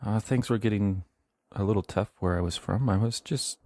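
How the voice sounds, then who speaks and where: A man voicing a frightened, shifty young boy thief caught in the act, in a high-pitched voice. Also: normal speed, darkish tone, dry recording, natural voice. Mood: protesting.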